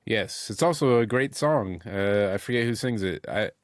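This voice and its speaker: A male podcast co-host with a fairly low voice, tossing off deadpan jokes in relaxed banter. The recording is close and dry. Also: moderate pace, dry recording. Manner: deadpan one-liners. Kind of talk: casual comedic chat.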